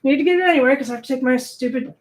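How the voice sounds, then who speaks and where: A woman's voice: high voice, rapid-fire, slight background noise. A woman chatting casually and a bit self-deprecatingly with viewers of her live stream while she paints at home, often breaking into giggles. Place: home, at a laptop.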